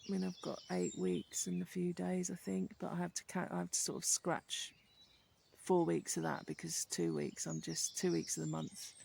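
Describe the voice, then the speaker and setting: Casting: tired, rambling woman vlogger, light Brummie accent, very gravelly voice, faint birdsong and outdoor noise. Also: lowish voice, a little mellow. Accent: Birmingham (Brummie), softened. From Birmingham, England. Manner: rambling, chatty, with frequent ums. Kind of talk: casual chat to camera.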